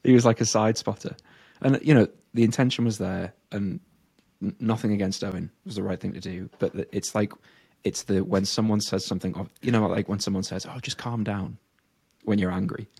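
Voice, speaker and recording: Deep gravelly man in casual chat. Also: fairly even intonation, fairly quick, warm tone. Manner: chatty storytelling, frequent "like" fillers and laughs. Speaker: podcast co-host, powerlifter.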